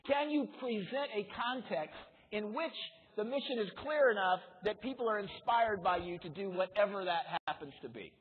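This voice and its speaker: A man's voice: sits high, lively intonation, normal speed, a little hiss or hum. A man giving a motivational keynote speech, joking with the audience and leading them through exercises. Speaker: keynote speaker. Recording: tinny lo-fi speaker demo reel.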